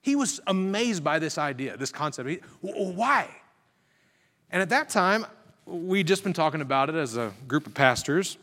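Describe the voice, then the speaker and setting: A man's voice: a little high, very animated, normal speed, a bit bright. A man, a pastor, telling a story in earnest sermon style, growing more emphatic as he preaches. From Virginia. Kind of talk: sermon testimony. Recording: reverberant hall.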